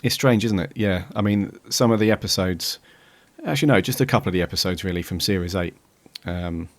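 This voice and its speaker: A man's voice: sits low, fairly quick, no room sound. A man co-hosting a podcast, chatting casually and thinking aloud with frequent "um"s. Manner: hesitant, many "um"s while thinking aloud. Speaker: podcast co-host. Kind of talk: casual chat reviewing an episode.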